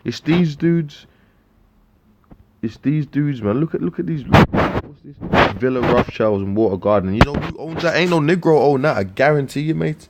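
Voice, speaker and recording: A man preaching scripture in a profane, scornful rant, with slang, repeated words and sudden loud outbursts. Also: on the high side, animated, normal speed, background noise. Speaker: street preacher.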